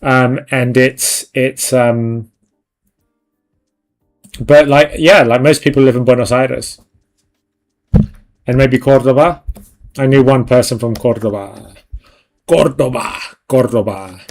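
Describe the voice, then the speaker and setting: A man's voice: mid-range voice, steady tone, slow, long pauses, darkish tone, soft background music. A young man hosting a livestream, chatting casually with viewers in a rambling way and laughing often. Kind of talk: casual chat.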